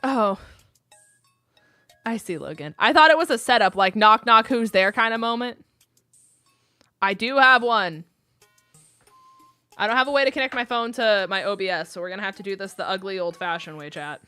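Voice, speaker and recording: A woman's voice: medium pitch, normal speed, pauses often, pushed and bright, clean tone, dry recording, soft background music. A young adult woman chatting casually with her live-stream audience, rambling with many ums and likes.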